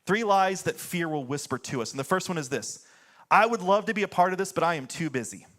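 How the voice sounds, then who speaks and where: An American man in his thirties delivers a church sermon in a high, light voice. He sounds conversational, full of "like" and quick asides, then turns blunt and direct on his key points. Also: expressive, a bit bright. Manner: conversational preaching, fillers like "like", swings into blunt punchlines. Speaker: pastor.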